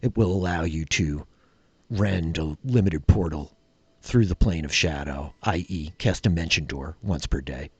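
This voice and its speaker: A man narrating a tabletop game as dungeon master, relaxed and rambling with many fillers. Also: sits low, a little slow, husky, no echo, lo-fi sound.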